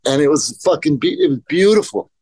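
A man's voice: fairly high pitch, lively intonation, a little fast, darkish tone, husky, no room sound. A man telling skateboarding stories in a casual podcast interview, rambling and profane, acting out quotes. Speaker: guest, professional skateboarder.

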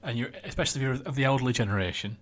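A young man, co-hosting a podcast, trading wry banter and quick jokes. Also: mid-range voice, expressive. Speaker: podcast co-host. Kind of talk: casual chat.

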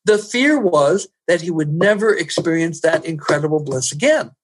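A man who works as a personal growth trainer, telling stories in an interview, animated and rising loud at the dramatic moments. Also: on the high side, normal speed. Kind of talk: storytelling in an interview.

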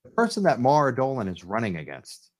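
A man's voice: medium pitch, wildly swooping pitch, brisk. A man hosting a live call-in radio show, talking enthusiastically and rambling through restarts.

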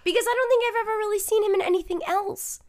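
A woman's voice: very high-pitched, fast talker. A woman co-hosting a podcast, chatting casually in a giggly, self-deprecating way. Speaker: podcast co-host. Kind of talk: casual chat.

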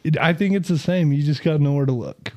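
A man's voice: fairly high pitch, fast talker. A man hosting a casual podcast, telling a story with bursts of laughter. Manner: animated, laughs through his stories. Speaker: podcast host.

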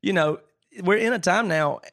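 A man's voice: high-pitched, normal speed, vocal fry, fairly bright tone. A man hosting a podcast in casual chat, emphatic and restarting his sentences when he gets worked up. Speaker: podcast host.

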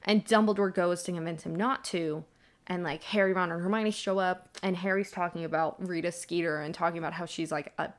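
A woman's voice: lowish voice, fairly even intonation, fairly quick. A young woman co-hosting a podcast, chatting casually about a book, full of "like"s and laughing as she retells scenes. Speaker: podcast co-host.

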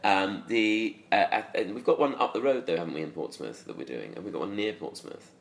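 A man's voice: deep voice, expressive, a little fast, creaky, a little hiss or hum. Man chatting in an echoey bedroom. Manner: dry, self-mocking, laughs often. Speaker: podcast co-host. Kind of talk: casual chat. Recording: echoey room, faint ambience.

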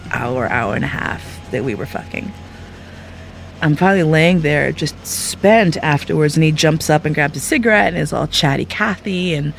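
A woman telling a frank, candid personal story as a monologue, acting out her own thoughts in quoted asides. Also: low voice.

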